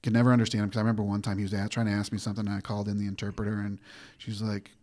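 Man, low voice, lively storyteller for a casual podcast chat. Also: very fast. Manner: animated storyteller, acts out quotes. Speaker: guest, former corrections officer.

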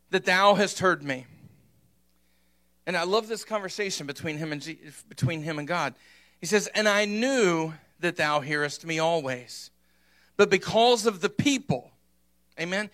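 A man's voice: high-pitched, pushed and bright. A male pastor preaching an emphatic sermon, constantly checking in with the congregation. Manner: emphatic, punctuates points with "amen?".

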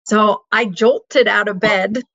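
A woman's voice: medium pitch, steady tone, slow pace, a bit bright, muffled recording. A middle-aged woman telling a painful personal story as an interview guest, earnest and heartfelt.

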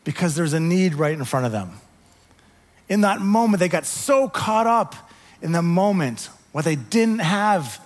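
High-voiced man preaching in a reverberant hall. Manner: animated storytelling, drops to soft quiet tones. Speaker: pastor. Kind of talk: sermon.

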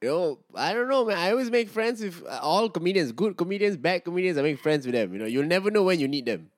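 A man's voice: sits high, sing-song, quick pace, no room sound, clean studio sound. A man hosting a laid-back, teasing chat over a video call. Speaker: podcast host. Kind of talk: casual chat.

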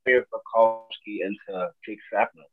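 A man's voice: fairly low pitch, fairly even intonation, unhurried, narrow, tinny audio, music in the background. A man interviewing a guest casually, with brief, upbeat acknowledgements between questions.

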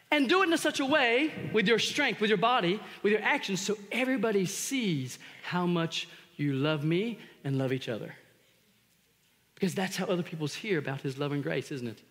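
A man preaching a sermon as pastor, telling stories animatedly and shouting out re-enactments. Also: high voice, expressive, brisk. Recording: long hall reverb.

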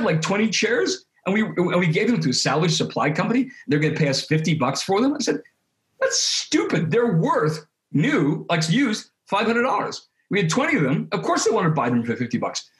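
Picture a man chatting as an interview guest, his voice sitting a little high, recorded in a room that rings with echo. He speaks in an animated, casual way, often restarting and repeating words as he goes. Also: fast, hardly any pauses. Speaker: interview guest, creative studio head. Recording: roomy echo.

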